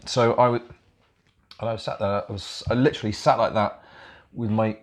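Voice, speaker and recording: A man's voice: on the low side, fairly even intonation, fairly quick, a little hiss or hum. A middle-aged man from England telling his story as a podcast guest, blunt and darkly humorous, swearing often. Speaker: podcast guest, military veteran. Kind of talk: casual storytelling chat.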